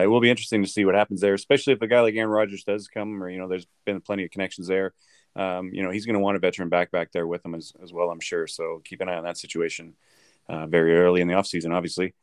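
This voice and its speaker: A man co-hosting a podcast, chatting about football in a lively, joking way and laughing often. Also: low voice, dry recording, studio quality. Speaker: podcast co-host. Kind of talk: casual sports chat.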